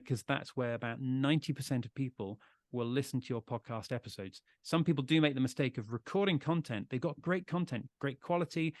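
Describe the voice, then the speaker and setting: With a mid-range voice captured cleanly in a studio-like sound without echo, a chatty British man presents a webinar as a podcast trainer, using a close desk USB mic. His manner is reassuring, full of restarts and repeated words, in a live presentation that includes questions from the audience.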